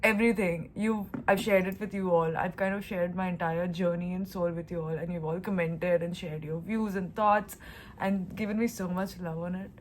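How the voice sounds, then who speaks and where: A young woman from India chats to camera in a casual vlog, gushing and emotional as she talks. Her voice sits a little low for a woman. A faint room ambience hums behind her. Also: fairly even intonation, moderate pace, a little hiss or hum. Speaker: lifestyle vlogger.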